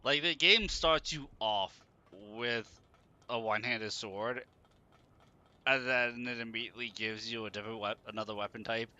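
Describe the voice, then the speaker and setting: A man's voice: mid-range voice, moderate pace, bright, forceful tone, highs cut off. A tired man chatting casually as he plays a game on stream, talking back to the characters on screen. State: tired, running on caffeine. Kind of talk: casual gameplay commentary.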